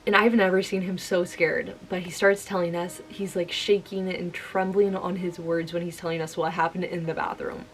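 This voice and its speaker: A woman's voice: lowish voice, little pitch movement, moderate pace, hardly any pauses, poor audio. A young woman telling a spooky personal story to camera in a chatty, casual way, full of "like.". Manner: chatty, filler-heavy telling with many "like"s. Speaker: vlogger.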